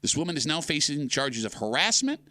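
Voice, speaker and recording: Lively bright-voiced male radio host. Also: on the high side, a little fast, no room sound, clean studio sound. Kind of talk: morning radio banter. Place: radio studio. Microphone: studio microphone.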